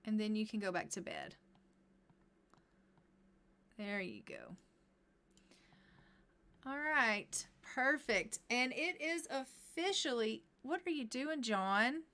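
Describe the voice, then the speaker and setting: Bright, chatty woman streamer. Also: fairly high pitch, sing-song, takes it slowly, long pauses. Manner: chatty, narrates what her characters say. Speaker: game streamer. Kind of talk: live gameplay commentary.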